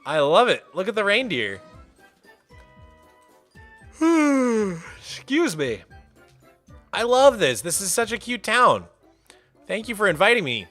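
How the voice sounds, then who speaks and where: A young man chatting casually while hosting a game stream, excitable and playful, greeting viewers by name. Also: high-pitched, slow, long pauses, faint music behind. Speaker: livestreamer and server host.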